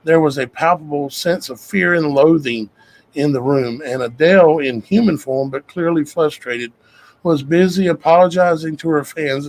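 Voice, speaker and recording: A man's voice: a little high, normal speed, low-quality recording. A man, hosting his show and talking to viewers in a rambling, folksy way. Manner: rambling, conversational, folksy with "y'all guys". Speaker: show host. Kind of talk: casual talk to viewers.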